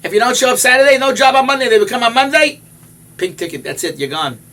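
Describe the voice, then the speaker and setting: Captured on a distant mic with light background noise, a fast-talking older man with a very high voice and a New York accent preaches as a rosh yeshiva. He's animated, lurching from loud exclamations to hushed asides and dropping in Yiddish and Hebrew words.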